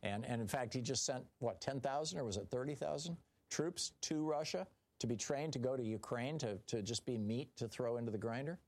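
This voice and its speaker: A man's voice: mid-range voice, brisk, darkish tone. A man hosting a political call-in radio show, talking in a sardonic, chatty way with frequent ums and restarts. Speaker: radio talk show host. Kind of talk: political talk radio monologue.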